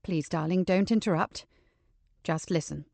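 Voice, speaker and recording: A woman's voice: on the low side, unhurried, gravelly, no room sound. A woman reading a composed, grave older mother. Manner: even, controlled, softly dignified.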